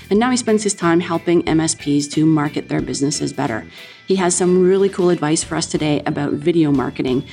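A Canadian woman hosts a podcast in a friendly, conversational manner. Her voice sits a little low for a woman, and soft music plays faintly under it. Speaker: podcast host. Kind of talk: podcast interview.

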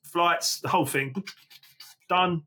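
A man, a podcast guest telling casual, animated anecdotes and acting out his own quoted lines. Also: a little high, slow. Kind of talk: casual conversational storytelling.

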